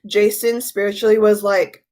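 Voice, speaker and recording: The tarot livestream host speaks at a moderate pace in a medium-pitched, level voice with a darkish tone. She chats casually and tells rambling stories, often going over the same points again.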